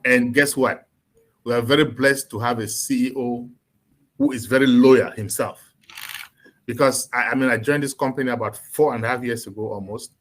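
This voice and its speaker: A man's voice: medium pitch, steady tone, moderate pace, a bit bright, a little hiss or hum. A man speaking earnestly and with emphasis as a guest in an online panel discussion.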